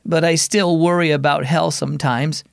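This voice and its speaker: A man's voice: a little high, fairly even intonation, normal speed, vocal fry, dry recording, clean studio sound. A man voicing a worried little girl. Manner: troubled, hesitant.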